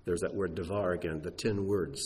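A man preaching a sermon, explaining Hebrew words with an animated teaching manner. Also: low voice, a little fast.

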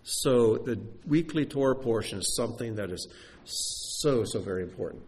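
A man preaching a sermon to his congregation, animated and talking straight to them with questions. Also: mid-range voice, moderate pace, a little hiss or hum. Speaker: pastor. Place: sanctuary before a congregation.

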